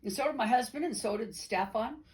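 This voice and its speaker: A middle-aged woman telling a personal story to an audience in an animated, playful way, talking to them directly. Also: on the high side, fairly quick, a little hiss or hum, low-quality recording. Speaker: storyteller and singer. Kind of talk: told personal story with sing-along.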